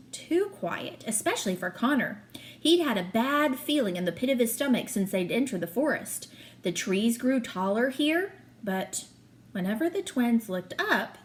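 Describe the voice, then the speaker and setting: Woman reading a children's novel aloud. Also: on the high side. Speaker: teacher.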